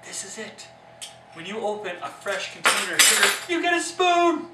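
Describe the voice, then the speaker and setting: A playful man with a high voice jokes his way through a cooking segment. He talks in a roomy kitchen, a little off the mic, with music playing clearly underneath. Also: very animated, moderate pace, far from the mic. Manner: playful, teasing. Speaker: cooking show co-host. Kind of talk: casual comedic cooking banter.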